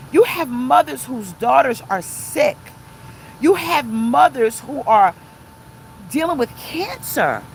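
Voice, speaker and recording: A middle-aged woman pastor giving an impassioned, emphatic, repetitive live-streamed sermon from inside a car, pausing to read viewer comments. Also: high-pitched, big pitch swings, a little mellow, a little hiss or hum, poor audio.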